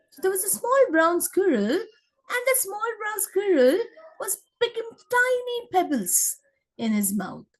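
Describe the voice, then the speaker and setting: A woman's voice: fairly high pitch, breathy edge. A woman teacher, explaining a story in a chatty way with many fillers and checks. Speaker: English teacher. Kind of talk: explaining a lesson.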